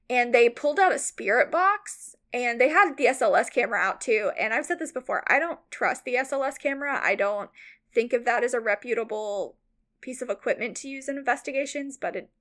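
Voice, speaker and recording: A woman co-hosting a podcast, casually retelling a story with lots of "like" fillers, rambling and animated. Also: fairly high pitch, normal speed. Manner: animated, mock-outraged retelling. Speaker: podcast co-host.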